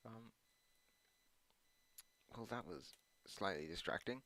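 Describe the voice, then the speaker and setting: A man's voice: mid-range voice, lively intonation, slow pace, creaky, sharp tone. A man rambling casually while playing a video game, meandering and hesitant with plenty of ums and uhs, and dropping self-deprecating asides. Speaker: gaming channel host.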